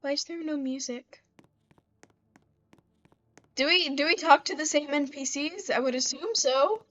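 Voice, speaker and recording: A woman's voice: high voice, unhurried, a bit bright, highs cut off. A woman giving let's-play commentary, chatty and talking back to the game characters as she plays. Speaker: gamer.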